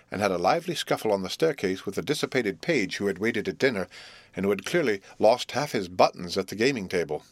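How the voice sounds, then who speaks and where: A man with a low voice narrates a classic novel in a measured, expressive way. The recording is dry and close, with no room sound at all. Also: dry recording. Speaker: audiobook narrator.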